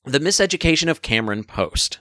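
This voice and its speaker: A man's voice: on the high side, big pitch swings, a little fast, bright, forceful tone, dry recording, clean studio sound. A man hosting a casual film review chat, enthusiastic and full of jokey asides. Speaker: film review podcast host.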